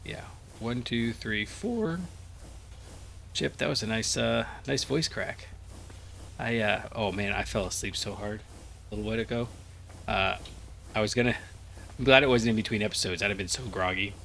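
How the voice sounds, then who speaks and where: A man's voice: lowish voice, moderate pace, vocal fry, bright, forceful tone, a little hiss or hum. A man casually thinking aloud while playing a game, rambling with lots of fillers and sounding a bit groggy. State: groggy after a nap. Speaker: gaming channel host. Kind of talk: casual Let's Play commentary.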